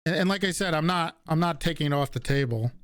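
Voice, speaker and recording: A man's voice: a little high, fast talker, fairly bright tone, smooth, dry recording, studio quality. A man from the Northeastern US with a slight regional accent, chatting casually with stream viewers, reading out their questions and answering offhandedly with casual swearing. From Northeastern United States.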